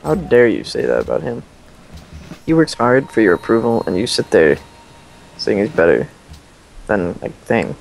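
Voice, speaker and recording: A man's voice: fairly low pitch, sing-song, normal speed, vocal fry, long pauses, slight background noise. A young man hosting a multiplayer strategy game session, rambling and joking in casual banter. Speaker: let's play host.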